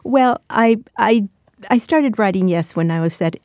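A woman in her sixties, an author and guest, speaks reflectively in an interview and reading, restarting frequently. Her mid-range voice is expressive, unhurried and a little mellow, in a dry recording.

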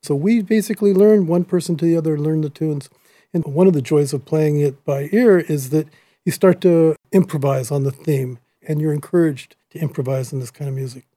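Man with a mellow, slightly high voice. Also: fairly quick, no room sound. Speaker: band musician. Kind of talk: interview answer.

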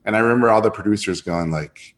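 A man, a filmmaker guest telling an animated anecdote and jumping high in pitch when he quotes others. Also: quick pace. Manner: lively storyteller, jumps high when quoting others.

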